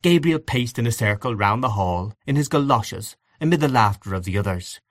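A man narrating classic fiction in a measured, expressive audiobook reading. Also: medium pitch, no room sound, clean studio sound.

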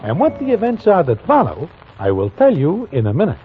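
A man's voice: a little high, huge pitch swings, fairly quick. An actor playing a streetwise male narrator of a 1940s radio drama, in slangy present-tense storytelling. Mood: wry. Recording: lo-fi old radio broadcast with music.

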